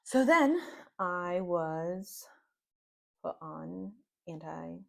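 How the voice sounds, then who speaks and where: A woman's voice: fairly low pitch, lively intonation, slow pace, gravelly, fairly bright tone. A woman telling a personal story in a casual, rambling way, with plenty of "like". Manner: casual, rambling, heavy use of "like". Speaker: podcast host.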